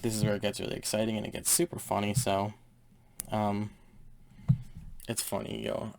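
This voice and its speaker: Young male comic reviewer, low and gravelly, loose rambling delivery full of fillers, enthusiastic. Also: little pitch movement, a little fast, long pauses.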